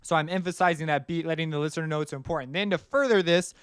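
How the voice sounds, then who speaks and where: A man's voice: on the high side, fast. A man teaching music production in a casual, rambling way, often singing rhythms aloud as he explains. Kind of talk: screen-recorded tutorial explanation.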